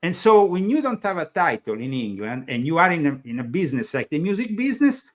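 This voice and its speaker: Very animated and fast, this fairly high-pitched Italian host carries a casual conversational interview. He speaks with an Italian accent, rambling and hesitating with lots of fillers.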